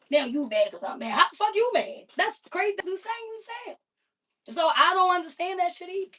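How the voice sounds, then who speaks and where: A woman with a high voice holds forth on her livestream in a loose, profane, animated rant. She sits a step away from the microphone, so her voice comes across slightly distant. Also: a little fast. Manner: emphatic, heavily profane, animated storytelling. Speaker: livestream host. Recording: voice a bit far from the mic.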